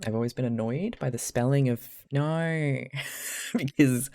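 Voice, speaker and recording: Gravelly Australian man chatting on stream. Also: mid-range voice, fairly even intonation, a little slow, a little mellow, no echo. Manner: chatty, rambling, swears and laughs often. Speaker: live streamer. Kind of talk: casual live-stream chat while crafting.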